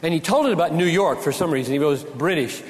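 A man in his sixties giving a conference talk, animated and joking, often restarting his sentences. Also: fairly high pitch, fast talker. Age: 60s. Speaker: conference speaker. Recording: reverberant hall.

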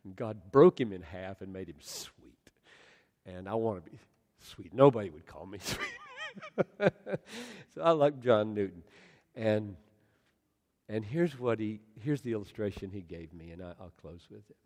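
A man in his sixties preaching a sermon, emphatic and swinging up to loud, impassioned bursts. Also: on the low side, animated, measured pace, long pauses. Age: 60s. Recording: echoey hall with long reverb.

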